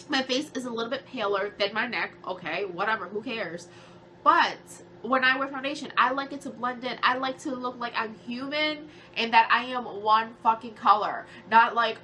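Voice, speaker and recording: This emotional rant to camera comes from a vlogger in her early twenties whose nasal voice sits fairly high with a sharp edge. She's tearful, heated and swearing, wandering through many filler words as she addresses her viewers. A slight hiss or hum is audible.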